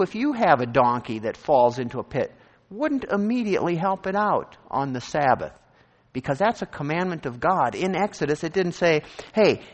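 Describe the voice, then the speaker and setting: A man preaching a sermon, animated and conversational, acting out scripture verses and imagined voices. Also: on the high side, big-room sound. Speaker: pastor.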